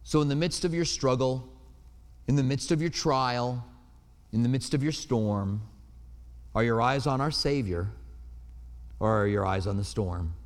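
A man's voice: mid-range voice, unhurried, long pauses. A man preaching a sermon in an earnest, storytelling way, with personal anecdotes. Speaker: pastor. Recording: reverberant hall.

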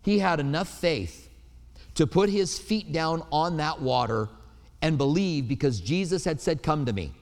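A man's voice: fairly high pitch, animated, measured pace. Earnest preacher man in a reverberant hall. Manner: earnest, storytelling preacher with personal anecdotes. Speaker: pastor. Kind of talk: sermon.

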